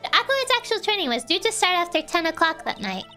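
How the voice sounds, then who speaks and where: A gentle young nun from a story game, calm and polite, speaking in a high, bright voice as a woman reads her lines aloud. She answers in a soft, measured way. Faint music sits underneath. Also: heavily acted.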